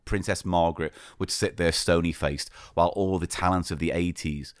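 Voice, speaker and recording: A man's voice: low voice, fairly even intonation, normal speed, clean tone, no room sound. A man hosting a podcast, chatting casually and enthusiastically in rambling stretches. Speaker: podcast host. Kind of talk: casual chat.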